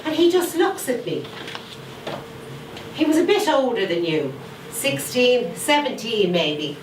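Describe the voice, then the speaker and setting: An actress performing an older widowed grandmother who fiercely guards her garden and its cats, telling her story with slow, emphatic repetition. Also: on the high side, sing-song. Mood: recounting. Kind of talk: theatre monologue. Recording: echoey room, far from mic, faint noise.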